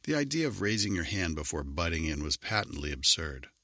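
A man narrating a storybook in an expressive, wry way. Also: low voice, a little fast, dry recording, clean studio sound.

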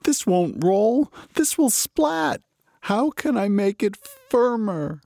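A man's voice: high voice, sing-song, takes it slowly, creaky, darkish tone, dry recording, voice pushed up, full character voice. A bumbling young baker's helper, befuddled and plaintive, put on by a man reading a storybook. His voice jumps well above the reader's own and swoops up and down. The sound is close and dry. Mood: fretful.

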